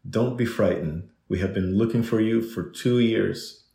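A man voicing a big, kind fatherly gentleman who speaks gently and encouragingly in a storybook reading. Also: on the low side, unhurried, creaky. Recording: roomy echo.

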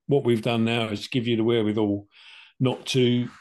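There's slight background noise as an older man, a podcast co-host, casually describes his experience with cancer. His medium-pitched voice barely moves in pitch, keeps a normal speed and sounds a little mellow; he is chatty and plain-spoken, acting out both sides of conversations.

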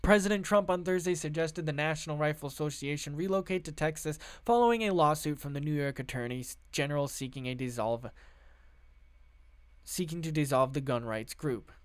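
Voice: mid-range voice, fairly quick, clear, resonant tone. A sarcastic political commentator who reads out news and breaks into profane rants. The delivery is heated, mocking and full of rhetorical questions.

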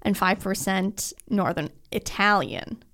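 A woman co-hosting a podcast in casual chat, halting, restarting and quick to sound incredulous. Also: mid-range voice, a bit bright. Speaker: podcast co-host.

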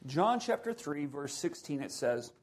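A man's voice: a little high, unhurried. A middle-aged man, a missionary guest preacher, giving a conversational sermon to a congregation with asides and jokes. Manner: conversational preaching, animated and joking.

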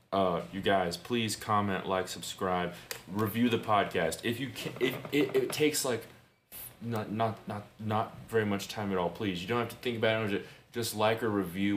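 Low voiced guy cussing and laughing through podcast chat, slight hiss behind. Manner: crude, laughing, rambling. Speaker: podcast co-host. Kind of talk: casual chat. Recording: echoey room, faint noise.

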